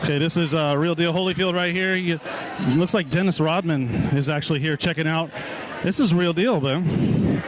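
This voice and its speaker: A man's voice: a little high, moderate pace. A man hosting a walking live stream at an outdoor car show, upbeat and hyping the crowd, a little out of breath.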